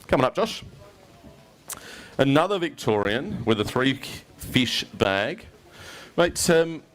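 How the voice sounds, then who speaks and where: An Australian man emceeing an outdoor fishing weigh-in, chatty and joking with each angler. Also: a little high. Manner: chatty, jokey, mate-heavy banter. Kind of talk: casual event commentary.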